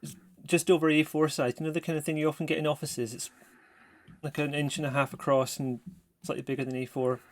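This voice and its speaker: A man narrates a tabletop horror game on stream, describing scenes in a chatty, rambling way with frequent self-corrections. His voice sits a little high for a man. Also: flat delivery, quick pace. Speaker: game master.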